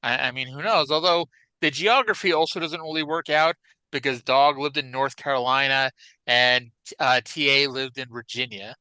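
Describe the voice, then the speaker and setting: A man co-hosting a podcast, chatting casually about classic wrestling in an animated, rambling way with many restarts. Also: medium pitch, moderate pace, dry recording, poor audio. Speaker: podcast co-host.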